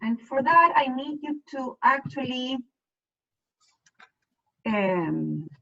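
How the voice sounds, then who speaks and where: A woman's voice: high voice, big pitch swings, slow, creaky, pushed and bright, highs cut off. A woman teaching a Spanish class over a video call, explaining patiently and step by step. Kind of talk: online class lesson.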